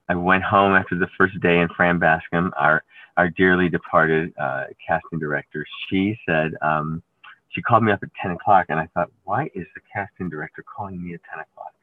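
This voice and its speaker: A man, an actor, talking in an interview, telling stories with many halting restarts and trailing phrases. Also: sits low, fairly even intonation. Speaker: actor guest. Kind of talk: conversational interview. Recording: tinny phone-like line, dry.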